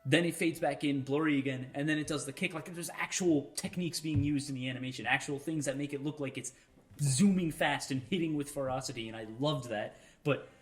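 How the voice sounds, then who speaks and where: A man co-hosting a casual podcast chat, animated and excitable, often laughing. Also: on the high side, brisk. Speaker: podcast co-host.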